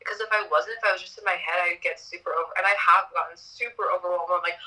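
A woman guest in a casual chat, animated and swearing, laughing at her own troubles. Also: lowish voice, quick pace, far from the mic, rough recording.

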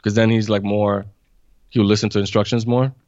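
Guy in his 30s chatting about dad life, animated, laughs a lot, dry dull sound. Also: fairly low pitch, brisk, no room sound. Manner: animated storyteller, laughs often. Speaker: podcast co-host and father. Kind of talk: casual chat.

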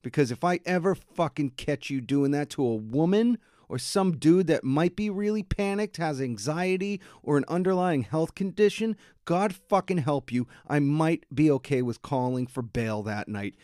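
Man, Boston accent, podcast host, fuming swear-filled rant, slightly high voice, dry close sound. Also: lively intonation, normal speed, few pauses, a little mellow, no room sound. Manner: heated, profane, indignant. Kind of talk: angry storytelling monologue.

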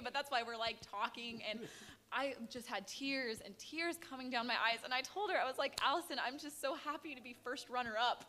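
A woman's voice: a little high, sharp tone, slight background noise. A young woman in her twenties giving an emotional personal testimony as a guest, telling her story with lots of animation. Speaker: guest, pageant winner.

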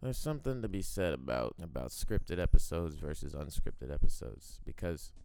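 Deep gravelly young man rambling. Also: big pitch swings, normal speed, mellow, no room sound. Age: 20s. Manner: rambling, profane, musing aloud; smoking while talking. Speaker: podcast host. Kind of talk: unscripted solo podcast monologue.

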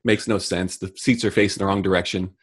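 A middle-aged man co-hosting a casual comedic chat, delivering deadpan mock rants. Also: low voice, fairly quick, breathy edge. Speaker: podcast co-host.

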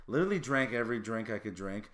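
A middle-aged man co-hosting a podcast, telling crude joking stories in casual chat, his voice jumping high when he gets excited. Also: quick pace. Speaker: podcast co-host.

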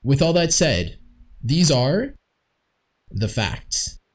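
A man's voice: on the high side, very animated, very slow. Jokey young man hosting a podcast. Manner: jokey, lots of fillers and laughter. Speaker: podcast host. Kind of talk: casual podcast chat, reading facts. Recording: echoey home recording.

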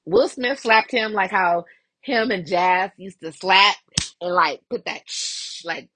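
Young woman gossiping on her podcast w/ AAVE, bright voice kinda breathy, dry close mic. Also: medium pitch, slow pace, no room sound. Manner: animated, profane, laughing often. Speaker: podcast host. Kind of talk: casual gossip commentary.

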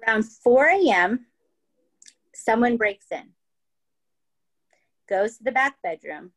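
A woman's voice: a little high, animated, slow, fairly bright tone, rough recording. Woman casually telling a true crime story, chatty, swears a lot, keeps going "right?". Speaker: podcast host.

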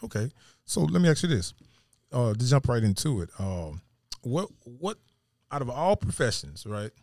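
Male host, relaxed hesitant questions, dry close sound. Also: medium pitch, normal speed, no echo. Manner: loose, hesitant questioning with fillers. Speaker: show host. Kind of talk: casual interview.

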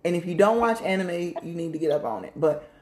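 Low-voiced woman chatting in an echoey room. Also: lively intonation, quick pace, darkish tone. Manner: candid, profane, laughs often. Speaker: podcast co-host. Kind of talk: casual chat.

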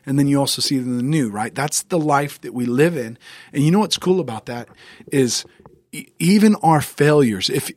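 A man's voice: mid-range voice, no echo. Brief: male podcast co-host, mid-range voice, thoughtful, dry studio mic. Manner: reflective, with frequent "right?" asides. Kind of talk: casual faith talk.

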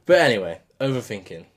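A man co-hosting a podcast in casual chat, who laughs often while he talks. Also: mid-range voice. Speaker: podcast co-host.

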